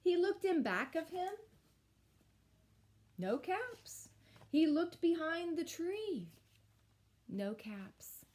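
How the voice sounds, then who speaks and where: A woman teacher reading a picture book aloud to children, with expressive storytelling and little asides. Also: very high-pitched, drawn-out words, pauses often. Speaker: elementary school teacher.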